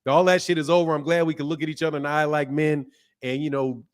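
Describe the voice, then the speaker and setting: High-voiced animated man hosting a stream. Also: fast. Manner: animated, laughing, loud outbursts. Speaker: boxing channel host. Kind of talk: live stream chat, reading donations.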